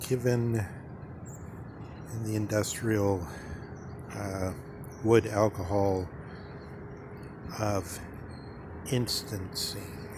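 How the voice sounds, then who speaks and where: A man giving a slow, halting philosophical monologue, full of pauses and fillers. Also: on the low side, background noise. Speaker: speaker on philosophy.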